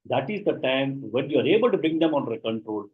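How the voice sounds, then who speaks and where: A man's voice: mid-range voice, very animated, brisk, phone-quality sound. A man teaching a class online, explaining each verse and chanting it for students to repeat. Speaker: shloka teacher.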